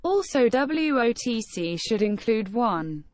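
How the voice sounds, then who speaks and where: A synthetic woman's voice reading viewer messages aloud in a flat, even delivery. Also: fairly high pitch, slow, slight background noise. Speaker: text-to-speech chat reader.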